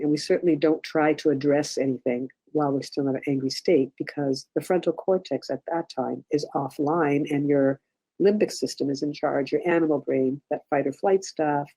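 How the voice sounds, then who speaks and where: Woman running a workshop, dark mellow voice w some fry, chatty, keeps saying okay?. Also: sits low, low-quality recording. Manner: conversational, checks in often with "okay?"; gentle, instructive guidance. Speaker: workshop instructor. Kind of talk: online workshop teaching.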